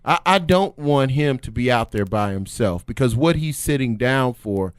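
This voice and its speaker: Male co-host, excitable, voice jumps high, smooth tone, dry close sound. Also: normal speed, no echo. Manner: voice shoots up when excited. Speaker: podcast co-host. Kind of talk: casual sports talk.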